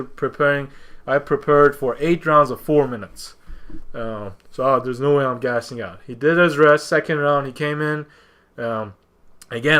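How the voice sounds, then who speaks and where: A man of average pitch, speaking as a guest on a podcast. He tells his story in a loose, casual way, stumbling over and repeating words as he goes. He keeps slipping into the voices of the people in his story. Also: clean tone. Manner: halting, with many restarts and repeated words; animated, acts out what others said.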